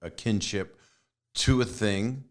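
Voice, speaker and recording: A man hosting a conversation show, chatting casually and slipping deadpan jokes into his remarks. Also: fairly low pitch, slow. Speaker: host.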